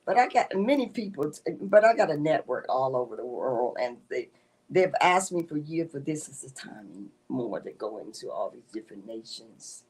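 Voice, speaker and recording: A woman author, a guest in a casual interview, telling animated stories and often breaking into laughter. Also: extremely low pitch, moderate pace, slightly rough. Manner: animated storytelling with frequent laughter.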